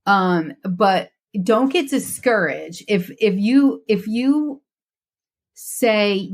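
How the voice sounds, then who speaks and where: A woman's voice: medium pitch, animated, extremely slow. A woman guest on a faith podcast, talking earnestly and reflectively about her journey, with frequent restarts.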